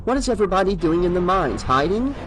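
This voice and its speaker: A man's voice: high voice, very animated, quick pace, voice pushed up. A man doing a swearing, jumpy young woman. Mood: relieved. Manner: sharp exclamations and swearing. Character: frightened, foul-mouthed young woman.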